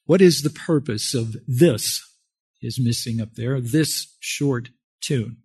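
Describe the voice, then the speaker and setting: Slow-speaking folksy male pastor. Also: medium pitch, darkish tone, husky, no room sound, studio quality. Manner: folksy and conversational, with self-deprecating humor. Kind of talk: sermon.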